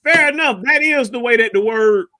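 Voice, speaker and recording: A man's voice: extremely high pitch, normal speed, bright, forceful tone, no room sound, studio quality. A man acting as a life coach on a call-in talk show, teasing and lecturing playfully. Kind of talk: casual call-in show banter.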